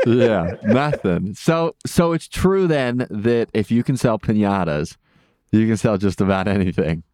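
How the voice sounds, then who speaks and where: Male host, chatty, laughs easily; smooth, lowish voice, dry close sound. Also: expressive, a little slow, darkish tone, dry recording. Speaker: interview host. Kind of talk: casual interview.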